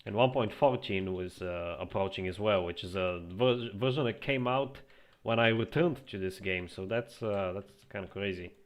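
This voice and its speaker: A man's voice: on the low side, moderate pace. A man streaming a building game, chatting casually and musing aloud with frequent restarts. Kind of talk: casual gameplay commentary.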